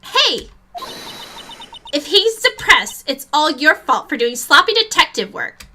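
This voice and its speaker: A woman voicing a gruff, loyal male police detective in a put-on Southern accent, loud and blustering. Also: sits high, big pitch swings, a little slow, slight background noise, heavily acted. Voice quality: loud, blustering, says pal.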